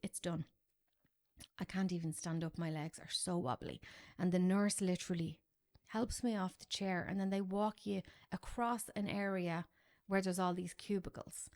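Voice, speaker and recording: Woman in her 40s, lowish gravelly voice, candid chatty guest story, laughs at herself a bit. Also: normal speed. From Ireland. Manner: candid, animated storytelling with self-deprecating asides. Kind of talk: personal story in a podcast interview.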